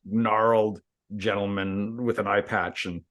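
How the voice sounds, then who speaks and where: A man's voice: fairly low pitch, steady tone, measured pace, fairly bright tone. A man co-hosting a casual podcast, a jokey improviser prone to rambling tales. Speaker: co-host. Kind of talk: casual chat.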